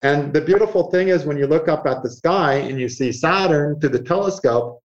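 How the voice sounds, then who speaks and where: A man, an astrologer guest in an interview, explaining ideas in a lively conversational way and acting out inner voices with frequent chuckles. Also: on the high side, fairly quick. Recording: muffled lo-fi sound.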